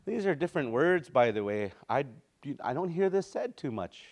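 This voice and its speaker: Relaxed man teaching a language class. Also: a little high, moderate pace. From Canada. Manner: loose and conversational, chuckles, sings out words.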